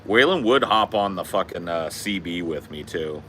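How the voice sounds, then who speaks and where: A man hosting a podcast, telling a story in a profane, laid-back, animated way. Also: sits low, normal speed, slight background noise. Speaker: podcast host. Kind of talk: casual chat, storytelling.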